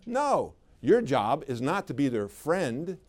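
A middle-aged man leads a live sales training, his voice a touch higher than most men's. He talks in an easy, conversational way but leans hard on his key points, often turning to the audience with questions. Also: big pitch swings, slow. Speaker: sales trainer for clinic owners. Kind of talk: live seminar talk to an audience.

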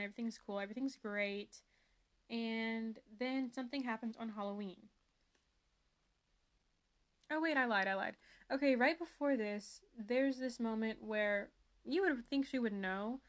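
Young woman, slightly high voice, podcast host, casual book chat, rambling, lots of fillers. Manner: chatty and rambling, full of asides and "like".

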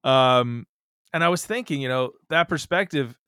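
A man hosting a golf podcast, interviewing a guest with warm praise and a few fillers. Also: mid-range voice, normal speed, clean tone, no echo, clean studio sound. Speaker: podcast host.

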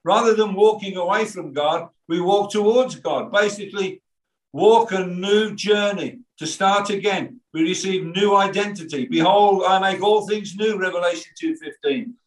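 Older male pastor with a Birmingham accent, lively storytelling sermon, voice a touch high, heard from a distance in a roomy hall. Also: moderate pace. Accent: Birmingham English. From England. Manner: animated storytelling with quoted voices and asides. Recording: echoey room from far off.

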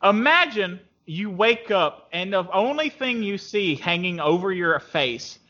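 A man telling a crude comic story in an animated, casual way, in a dull lo-fi recording. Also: high voice, measured pace.

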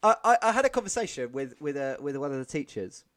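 A man's voice: fairly high pitch, sing-song, fast talker. A man co-hosting a podcast, telling a rambling story with lots of swearing and laughter. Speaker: podcast co-host. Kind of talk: casual chat.

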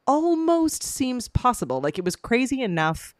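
Podcast co-host, loose and rambling, mid pitch, dead-dry close mic. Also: sing-song, normal speed, no echo. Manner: rambling, lots of fillers and restarts, laughs often. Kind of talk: casual film review chat.

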